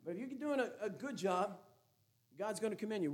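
Man, Baptist pastor, sermon, high voice, folksy, joking, emphatic. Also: expressive, brisk.

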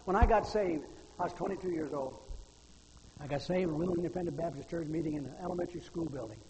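Older preacher, high-pitched and fervent. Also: male voice, quick pace, warm tone. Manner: folksy storytelling, rising to fervent pleading. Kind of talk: sermon. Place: church sanctuary. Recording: echoey church hall with faint noise.

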